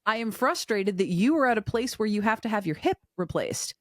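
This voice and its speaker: A woman in her forties co-hosting a podcast, telling stories in a candid, animated way with quoted dialogue. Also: medium pitch, brisk, dry recording, clean studio sound. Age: 40s. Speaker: podcast co-host. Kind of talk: casual chat.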